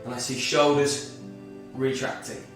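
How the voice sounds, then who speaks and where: A man's voice: medium pitch, little pitch movement, unhurried, heavy reverb, far from the mic, soft background music. A man leading a guided movement and mindfulness workout as a fitness instructor, slightly out of breath, talking through each move step by step. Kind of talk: guided exercise class.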